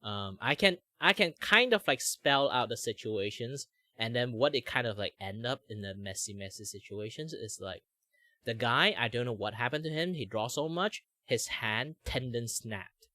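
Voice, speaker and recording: Ein junger Mann mit malaysischem Akzent, der im lockeren Plauderton abschweift, oft „like“ einstreut und lebhaft Stimmen nachmacht. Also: male voice, medium pitch, moderate pace, no echo, studio quality. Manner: rambling, many "like" fillers, animated impressions. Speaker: streamer host. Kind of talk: casual chat while drawing.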